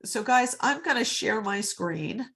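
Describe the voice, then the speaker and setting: A woman coaches real estate agents in a live online session over a computer mic, chatty and upbeat, often addressing them as guys. Her voice sits on the high side and is animated, unhurried, creaky, and a bit bright.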